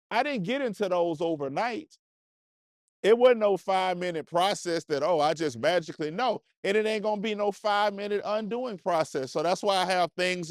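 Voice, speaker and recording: A man's voice: fairly high pitch, dry recording, studio quality. A man vlogger giving a casual motivational talk, preachy and conversational. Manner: preachy, conversational, repeats and restarts phrases. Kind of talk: motivational monologue. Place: indoors, seated on a cushion.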